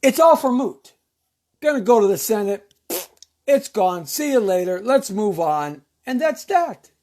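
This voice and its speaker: A man's voice: sits high, big pitch swings, unhurried, mellow. A man hosting a live radio and TV talk show, talking in a brash, folksy, rambling way full of catchphrases. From United States. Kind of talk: live call-in style talk show monologue.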